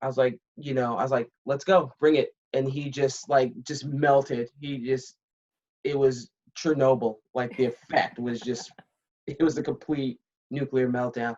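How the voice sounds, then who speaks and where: A woman's voice: extremely low pitch, measured pace. A woman in her fifties, a retired military pilot, candidly telling a story on a podcast and acting out the dialogue. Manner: candid and blunt, animated retelling with quoted dialogue. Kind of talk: casual interview storytelling. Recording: slightly muffled, dull recording.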